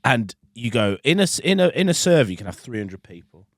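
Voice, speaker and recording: A man's voice: mid-range voice, brisk, dry recording, clean studio sound. Rambling, sweary man podcasting. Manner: rambling, sweary storytelling with lively swings. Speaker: podcast co-host. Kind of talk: casual chat.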